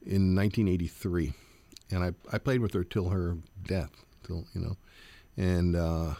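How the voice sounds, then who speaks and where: A man's voice: low-pitched, steady tone, moderate pace, gravelly, warm tone, dry recording. Earnest jazz guitarist in his sixties. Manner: earnest, with frequent fillers and repeats. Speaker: guest jazz guitarist and professor. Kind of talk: reflective interview answers.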